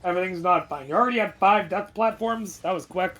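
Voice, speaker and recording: A man's voice: high-pitched, a little fast, fairly bright tone. A man racing in a live game stream, thinking aloud in an anxious, rambling way. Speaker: speedrunner competing in a bingo race. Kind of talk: live gameplay chatter.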